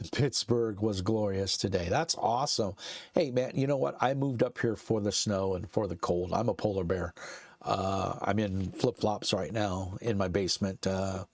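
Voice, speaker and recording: Gravelly low-voiced Brooklyn man chatting. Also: moderate pace, a little mellow, no room sound. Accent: Brooklyn New York. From Brooklyn, New York. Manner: rambling and chatty, lots of uh fillers and laughs. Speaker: streamer and channel host. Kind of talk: casual live-stream chat. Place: his home basement.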